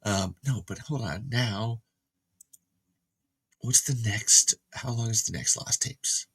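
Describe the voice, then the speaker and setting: Excitable rambling man, low bright voice. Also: slightly rough. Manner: rambling, excitable, trails off and restarts. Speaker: host. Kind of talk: casual livestream chat. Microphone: camera mic on a livestream.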